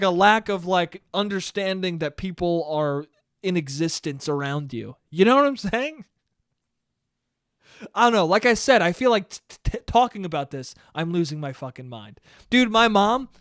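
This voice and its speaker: A young man talks alone into the mic, rambling and sardonic, swearing freely. His pitch swings widely as he goes, and the recording is dry and close with almost no room sound. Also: a bit bright, no echo. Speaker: podcast host. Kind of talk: solo comedic podcast monologue.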